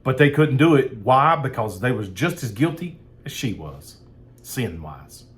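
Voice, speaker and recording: A man's voice: mid-range voice, sing-song, unhurried. A man preaching a sermon in a fired-up, emphatic way, repeating phrases for emphasis.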